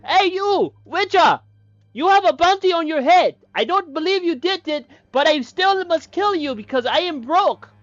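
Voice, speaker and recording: A man voicing a broke, doomed male wizard bounty hunter, declaiming loudly and dramatically. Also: very high voice, expressive, moderate pace, no room sound, dull audio, pitched above the performer's own voice. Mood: dramatic.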